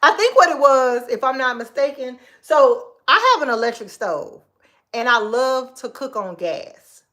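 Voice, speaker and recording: A woman in her forties holds forth in casual livestream chat from her kitchen, her voice sitting a little high. She is sassy and expressive, laughing often as she gives advice and calls her viewers girl and baby. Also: measured pace. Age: 40s. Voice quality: expressive, laughs often, Southern Black American vernacular turns. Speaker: livestream host. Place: home kitchen.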